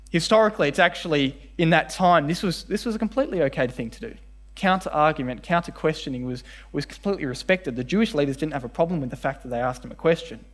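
A man preaching a sermon in church, animated and often acting out the voices in his stories. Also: on the high side, fast talker. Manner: animated, acts out voices in quoted dialogue. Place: church service with congregation.

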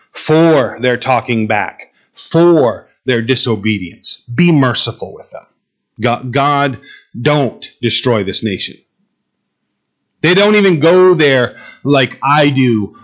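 A man's voice: mid-range voice, dull audio. A man preaching a sermon to a Bible class, emphatic, asking his listeners questions and repeating key phrases. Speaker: pastor teaching a Bible class.

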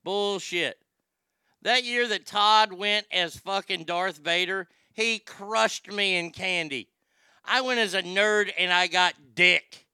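High bright-voiced profane ranting man. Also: clean tone, dry recording, clean studio sound. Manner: profane, ranting, fast swings from loud to muttered. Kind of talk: casual comedic rant.

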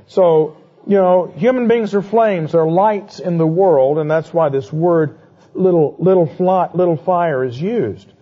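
A man giving a conversational Bible lecture, asking quick rhetorical questions and adding playful asides. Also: on the high side. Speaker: Bible teacher. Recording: dull lo-fi recording.

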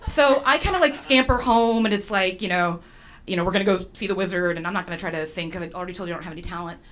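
A woman's voice: fairly low pitch, fairly even intonation, rapid-fire, fairly bright tone. A woman telling a personal story to an audience, chatty and self-deprecating, with lots of fillers and restarts.

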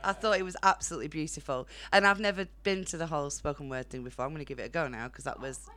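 A woman's voice: deep voice, rapid-fire, a bit bright, dry recording. A young woman with a Northern English accent doing a blunt, chatty stand-up set on a comedy club stage, laughing at her own jokes. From Northern England.

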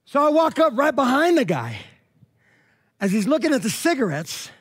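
A man's voice: normal speed, breathy edge. A man preaching a sermon as a conversational story, acting out dialogue and checking in with the congregation. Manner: animated, acts out dialogue with swings in pitch and loudness; conversational, frequent "all right?" and "you know what I mean?". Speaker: pastor.

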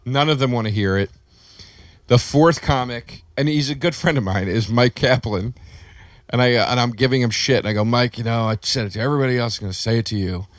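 A man's voice: medium pitch, fairly quick, no room sound, clean studio sound. A male comedian telling a story in casual podcast talk, acting out the quotes with plenty of life.

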